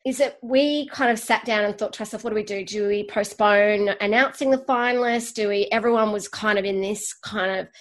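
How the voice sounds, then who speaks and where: An Australian woman hosting a podcast interview, chatty and animated, laughing often. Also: medium pitch, a little fast, hardly any pauses. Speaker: podcast host and awards organizer. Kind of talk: casual conversational interview.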